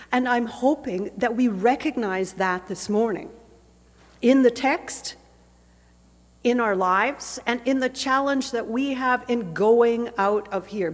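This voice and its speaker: A woman pastor delivering a sermon in a conversational, gently humorous way, recorded in a church. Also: on the high side. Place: church sanctuary. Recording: echoey church hall.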